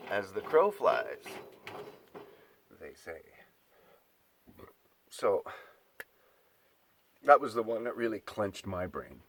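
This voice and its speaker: A man's voice: fairly low pitch, big pitch swings, slow, long pauses. A man delivering an exasperated, profane ranting monologue, mocking his listeners.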